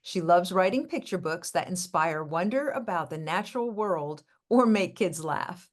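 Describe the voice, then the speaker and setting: A woman hosting an interview with a children's author. She reads her introduction smoothly and in an upbeat way. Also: lowish voice, animated, moderate pace. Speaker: podcast host interviewing an author. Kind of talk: friendly interview, scripted introduction.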